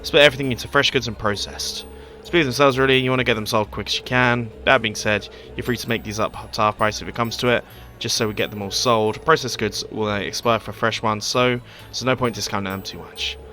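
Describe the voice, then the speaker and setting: A man's voice: lowish voice, fairly even intonation, fairly quick, hardly any pauses, pushed and bright, faint music behind. A man voicing a chatty middle-aged market merchant and father, in a folksy put-on Scottish-style lilt. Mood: friendly.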